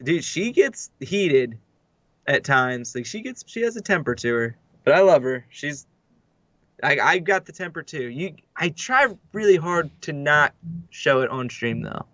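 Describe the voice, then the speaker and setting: A young man with a high-pitched voice co-hosts a relaxed podcast chat, rattling off stories with heaps of "like" fillers. The sound is dry and close, with a slightly dull, lo-fi mic. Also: a little slow, dry recording. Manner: animated storyteller, heavy "like" fillers. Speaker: podcast co-host.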